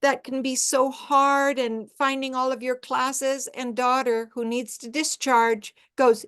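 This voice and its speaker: Woman, earnest reflective talk, slightly high voice, halting delivery. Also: little pitch movement, a bit bright, smooth. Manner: earnest, halting, with many restarts. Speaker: speaker at a faith gathering.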